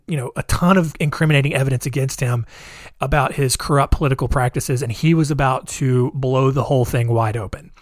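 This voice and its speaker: A man's voice: a little high, no echo, clean studio sound. A man casually telling a history story, with frequent fillers, wry jokes and asides. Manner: conversational, many fillers and asides.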